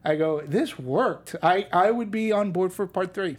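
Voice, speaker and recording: A woman hosting a casual panel film review, chatty and halting with restarts. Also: mid-range voice. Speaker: host.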